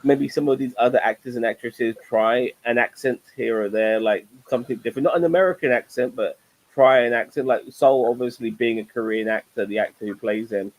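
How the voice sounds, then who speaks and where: A man's voice: mid-range voice, fairly quick, poor audio. A middle-aged man hosting a casual TV review chat show, rambling and swearing freely. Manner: profane, rambling, animated.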